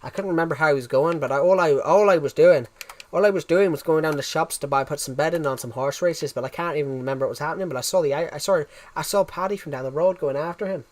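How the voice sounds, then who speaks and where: A man playing a forgetful Irish local with a put-on accent, rambling quickly through half-remembered errands. The voice sits a little high. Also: natural voice. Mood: chatty.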